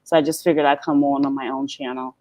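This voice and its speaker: A middle-aged woman hosting a casual live stream, blunt and animated, laughing often as she chats. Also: low-pitched, quick pace.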